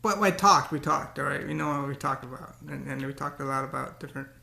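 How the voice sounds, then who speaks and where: Rambly guy vlogging, keeps repeating himself, swears a lot, raspy fry in his voice. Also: mid-range voice, little pitch movement, fast talker, sharp tone, echoey room. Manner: rambling, repeats words, cursing rants. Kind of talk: casual rambling monologue.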